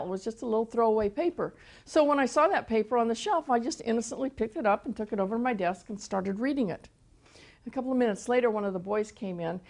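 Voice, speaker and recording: An older woman teaching through personal testimony, soft-spoken and storytelling, often repeating words as she gathers her thoughts. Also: mid-range voice. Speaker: Christian teacher and author.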